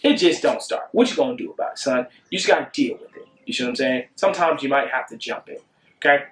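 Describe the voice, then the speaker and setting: A young adult man giving a casual motivational talk, animated and sing-song, often asking "you see what I'm saying?". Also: medium pitch, quick pace, reverberant, a little hiss or hum. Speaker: self-help vlogger.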